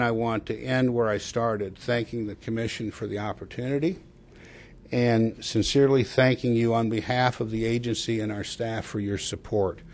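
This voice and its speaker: A man who directs a public agency, giving a formal progress report to a commission in a measured, earnest way, with frequent pauses to say "uh". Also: medium pitch.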